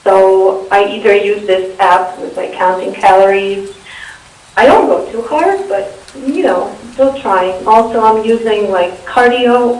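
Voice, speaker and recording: A woman's voice: medium pitch, darkish tone. A young woman from Eastern Europe with a Russian accent, answering interview questions casually and hesitantly, with many fillers and restarts. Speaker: interview guest. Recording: echoey room, far from the mic.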